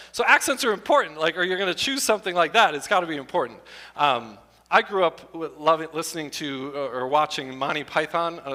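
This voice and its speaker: Animated man in his fifties doing stand-up. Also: a little high. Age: 50s. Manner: animated, jokey, breaks into silly voices. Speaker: comedian. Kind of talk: stand-up comedy. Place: church hall stage. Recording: echoey hall.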